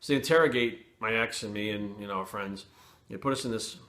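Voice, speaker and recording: A man telling a personal story to camera in casual, blunt and profane talk, pausing and restarting as he goes. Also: lowish voice, bright, forceful tone. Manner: blunt and profane, frequent swearing; candid, with pauses and restarts.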